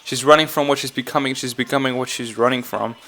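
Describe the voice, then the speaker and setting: A man talks loosely through song lyrics for his channel, in a mid-pitched, unhurried voice. He drifts between thoughts, corrects himself mid-sentence and keeps sounding unsure of his own readings. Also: steady tone, fairly bright tone. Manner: rambling, self-correcting, often unsure. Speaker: YouTuber analyzing game song lyrics. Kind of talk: casual commentary vlog.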